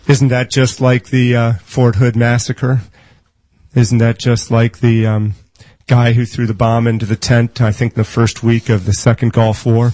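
Man preaching with animated storytelling. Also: medium pitch, no room sound, poor audio. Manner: animated storytelling, acting out quoted voices; quotes scripture in quick bursts. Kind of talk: sermon.

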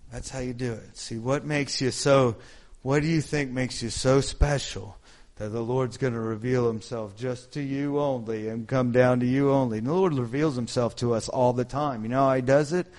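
A man's voice: mid-range voice, steady tone, moderate pace, a little mellow. A man preaching a Sunday sermon with mounting fervor, acting out quotes. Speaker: pastor. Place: church service room.

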